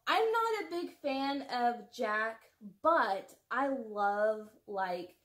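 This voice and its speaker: Gushing excitable woman unboxing gifts. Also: a little high, extremely slow. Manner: gushing and excitable, gasps and laughs often. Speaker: unboxing vlogger. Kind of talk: casual unboxing chat.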